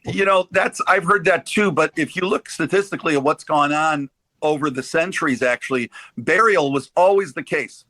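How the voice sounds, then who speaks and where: A man hosting a casual discussion, telling animated stories and acting out quoted dialogue. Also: on the high side, moderate pace, no room sound. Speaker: host.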